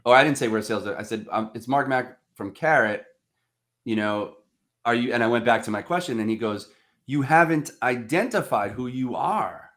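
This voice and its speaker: A man's voice: fairly low pitch, steady tone, a little fast, a bit bright. New guy on a podcast, acts out both sides of the call, lots of ups and downs. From Staten Island, New York. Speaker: podcast guest, sales rep. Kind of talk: casual chat, storytelling.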